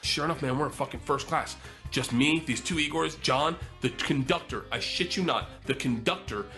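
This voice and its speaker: Brief: bright, energetic male comic, profane storyteller who acts out the other people in his tales. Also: mid-range voice, normal speed, creaky, soft background music. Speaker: comedian telling a story. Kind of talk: stand-up storytelling.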